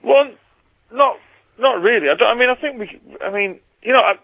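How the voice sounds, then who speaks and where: A middle-aged man from England, a guest on a radio show, chatting casually and halting with fillers and restarts. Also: very high voice, vocal fry, a bit bright, dry recording, poor audio.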